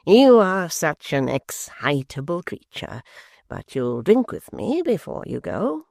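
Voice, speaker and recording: A reader voicing a sly, smooth-talking male secretary who speaks coldly and slowly, sometimes close to a whisper. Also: medium pitch, animated, a little mellow, dry recording. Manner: silky, slow and cold, sometimes near a whisper. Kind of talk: audiobook character voice.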